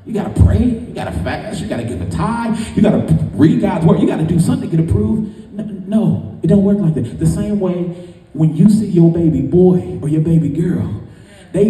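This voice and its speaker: A man's voice: sits high, mellow. A man preaching a sermon as pastor, emphatic and sing-song, heard from far off in a large hall.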